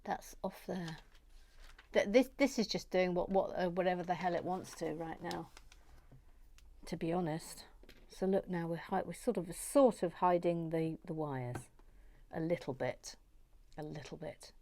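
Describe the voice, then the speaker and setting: A woman hosting a relaxed Lego building video, chatting casually and muttering softly to herself with self-mocking asides. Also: lowish voice, measured pace. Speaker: host building a Lego model. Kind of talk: casual chat while building.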